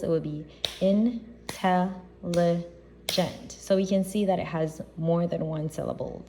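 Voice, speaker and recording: Mellow, low-voiced woman teacher. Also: slight background noise. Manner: patient, deliberate explaining with checks like okay. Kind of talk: recorded grammar lesson for students.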